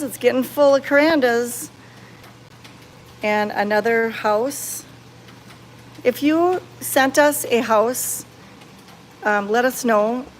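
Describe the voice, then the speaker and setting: Woman, slow and soft-spoken, cooing baby talk, casual live stream, faint room noise. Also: on the high side. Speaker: cat sanctuary caretaker streaming live. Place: indoor cat room at a sanctuary.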